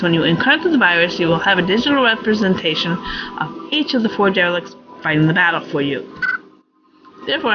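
A woman reading a calm, formal station computer. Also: lowish voice, highs cut off, natural voice. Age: 40s. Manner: reads game text aloud, measured and instructive. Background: loud game music.

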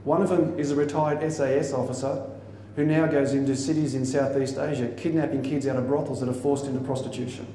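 Male motivational speaker, theatrical storyteller, mellow raised voice, distant in a reverberant hall. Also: medium pitch, quick pace, few pauses, a little hiss or hum. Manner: theatrical, animated storytelling with mock quotes. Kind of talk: motivational talk to teachers. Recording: echoey hall from far off.

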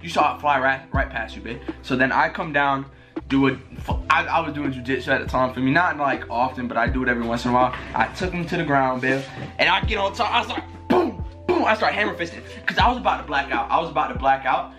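A young man telling a fight story in an excited storytime vlog, full of slang and swearing, often jumping into high laughing squeals. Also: quick pace. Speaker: vlogger. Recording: music playing clearly behind. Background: music.

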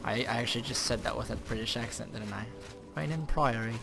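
A man giving excitable, swearing commentary while playing a video game, with surprised yelps. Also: mid-range voice, fast, gravelly. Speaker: let's play gamer. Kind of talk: casual gameplay commentary. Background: game music.

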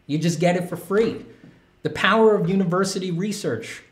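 A man's voice: high voice, slow pace, voice pushed up. A man putting on a jolly, boastful persona in a made-up accent, speaking theatrically. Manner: exaggerated, theatrical.

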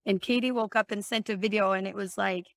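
A woman's voice: mid-range voice, fairly even intonation, fast talker, gravelly, a bit bright, no echo. A woman guest telling a personal dream story in earnest detail, acting out the quoted voices. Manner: earnest, vivid retelling with quoted dialogue.

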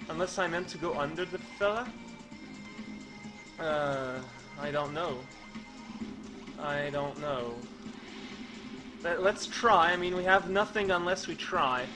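A young man giving rambling, goofy game commentary in a deadpan way, with many stammered restarts. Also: sits high, unhurried, music in the background, poor audio. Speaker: let's play commentator.

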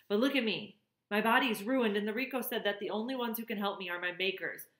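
A woman voicing a gentle, determined female robot who is a mother, speaking calmly and in a measured way. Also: mid-range voice, voice pushed up, close to an everyday voice. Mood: resolute. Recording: roomy echo.

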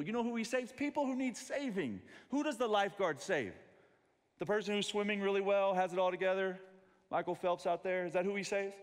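A pastor preaching to his congregation. His voice sits a little high for a man, and he tells his stories with animation, acting out the voices of the people in them. The sound carries the long reverb of a large sanctuary. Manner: animated storytelling, acts out quoted voices. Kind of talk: sermon.

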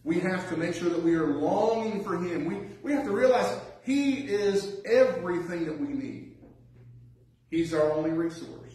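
Preacher in a booming echoey church. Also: male voice, expressive, moderate pace, a little mellow. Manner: earnest, reads scripture then preaches with rising emphasis. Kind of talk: sermon. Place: church sanctuary. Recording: very echoey church hall, mic at a distance.

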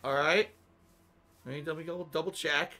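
A man hosting his own livestream in casual chat, animated and talkative, jumping from loud outbursts to low grumbles. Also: moderate pace, faint music behind. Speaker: livestream host.

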